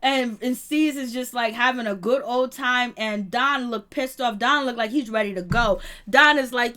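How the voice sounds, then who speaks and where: Reviewing reality TV live on her YouTube show, a woman retells an episode with animation, using plenty of slang, performing quotes, and laughing frequently. She speaks at a measured pace in a fairly high voice.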